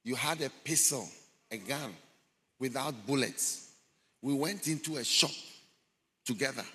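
Man preaching, slow deliberate delivery, bright voice, dramatic storytelling, long hall echo. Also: mid-range voice. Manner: dramatic retelling, acts out quoted voices. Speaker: bishop preaching. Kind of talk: sermon storytelling.

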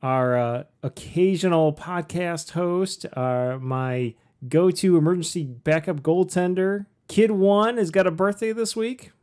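A man's voice: high voice, unhurried, hardly any pauses, a little mellow. A man co-hosting a casual podcast, talking in rambling, jokey asides. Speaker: podcast co-host. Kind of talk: casual chat.

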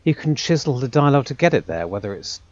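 A man's voice: mid-range voice, very animated, fast, darkish tone, highs cut off. A man speaking casually on a podcast, articulate and wry, building long flowing sentences. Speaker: podcast co-host, audio drama writer.

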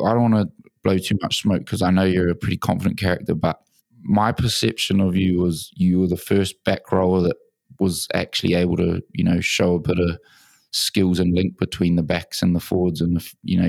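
A man's voice: deep voice, little pitch movement, brisk, creaky, a little mellow, no echo. A man hosting an interview in an office studio, enthusiastic and matey, often calling his guest mate or bro. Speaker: podcast host. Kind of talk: casual interview.

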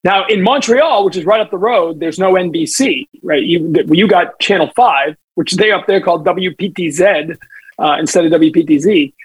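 A middle-aged New man with a fairly high, husky voice spins stories in a relaxed podcast chat. His sound is dry and close. He acts out the people in his tales. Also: normal speed, dry recording, low-quality recording. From New England. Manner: lively storyteller, does voices in anecdotes. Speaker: sports broadcaster guest.

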